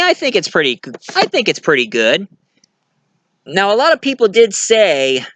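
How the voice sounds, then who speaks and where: Man, casual movie reviewer, bright tone, dry close sound, rambling. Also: on the high side, dry recording. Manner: rambling plot retelling with fillers.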